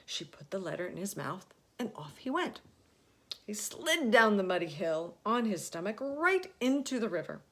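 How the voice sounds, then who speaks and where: A woman storyteller reading a children's story aloud, expressive and often dropping to a hushed whisper. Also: medium pitch, normal speed.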